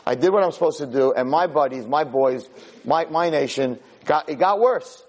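A man's voice: fairly high pitch, normal speed, natural voice, rough recording. A man voicing Moses as a frustrated prophet indignantly questioning God. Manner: indignant, pleading. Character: frustrated ancient male prophet confronting God.

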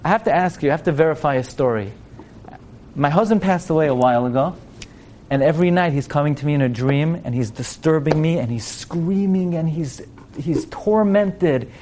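A woman's voice: low-pitched, expressive, normal speed, warm tone, slight background noise. Distraught widow, pleading and insistent; voiced by a man telling the story.

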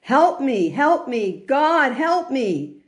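A woman's voice: high voice, sing-song, very slow, pitched above the performer's own voice, full character voice. A woman voicing a panicked man clinging to a branch, frantic and pleading.

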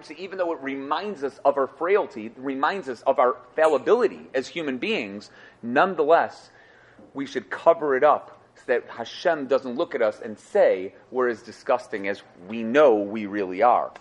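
In this clip a man of medium pitch gives a lively Torah lesson, explaining sources to his students. He leans on rhetorical questions and repeats phrases, and there's a little hiss or hum behind him.

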